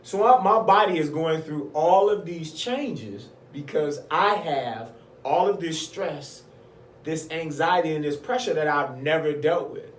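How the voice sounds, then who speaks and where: Guy telling his own story, kinda high voice, roomy echo, mic sits back a bit. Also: unhurried, slight background noise. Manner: animated, acts out voices of others in his story. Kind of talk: personal storytelling. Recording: echoey room, mic at a distance.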